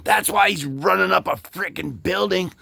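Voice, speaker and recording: Gravelly, bright-voiced comic book host. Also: male voice, high-pitched, no room sound. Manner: joking, rambling, voices characters in quick asides. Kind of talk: casual comic read-through.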